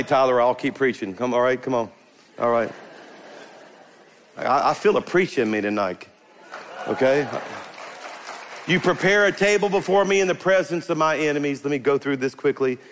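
A middle-aged pastor with a drawl delivers a lively sermon, his pitch leaping high on the points he stresses. He calls out to the congregation and builds to fervent peaks before dropping back to a conversational tone. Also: moderate pace, long pauses, some chatter behind, a little hiss or hum. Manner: animated, emphatic, rising to bursts of fervor, calls out to the congregation. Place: church sanctuary before a congregation.

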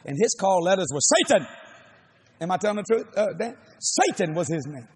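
Middle-aged man preaching, high swooping voice, husky tone, animated storyteller who shouts. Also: a little fast. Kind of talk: sermon storytelling.

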